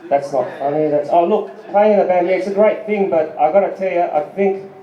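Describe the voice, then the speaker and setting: A man's voice: high voice, fairly quick. A man from Australia, doing a rambling, profane stand-up set with lots of ums and asides to the crowd. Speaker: stand-up comedian and band musician. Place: small live music venue. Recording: far-off lo-fi recording in an echoey venue.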